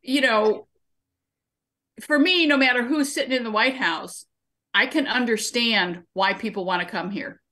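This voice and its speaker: A woman's voice: fairly high pitch, measured pace, bright, forceful tone. A woman guest in an interview, explaining her civic training work through everyday examples and anecdotes. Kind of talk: conversational interview answers.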